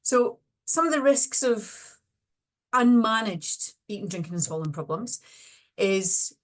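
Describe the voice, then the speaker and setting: A woman's voice: medium pitch, lively intonation, unhurried. A middle-aged woman, a speech and language therapist, presenting an online webinar lecture and walking through slides with practical clinical examples.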